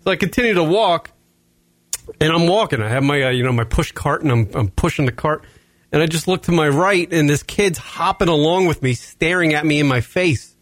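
A man co-hosting a comedy talk podcast, telling stories in a profane, animated way with lots of fillers. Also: fairly high pitch, a little fast, no room sound. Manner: animated, swears constantly, frequent fillers. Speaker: podcast co-host.

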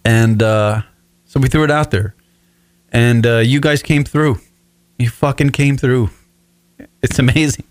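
A man in his forties talks alone on his show in a rambling, profane, emotional way. His voice sits at an ordinary pitch and sounds dry and close, with no room around it. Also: fairly even intonation, a little slow, pauses often, no echo. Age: 40s. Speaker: podcast host. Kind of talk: solo radio show monologue. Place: his own apartment.

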